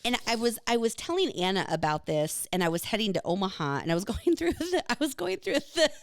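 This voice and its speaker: A woman's voice: mid-range voice, sing-song, a little fast, no room sound. A woman co-hosting a podcast in casual chat, self-mocking and laughing as she talks. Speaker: podcast co-host.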